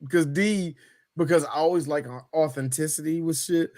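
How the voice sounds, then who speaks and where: A man's voice: on the high side, moderate pace, a little mellow. A man co-hosting a podcast, joking animatedly about a movie and dropping into mock voices. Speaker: podcast co-host. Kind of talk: casual comedic movie chat.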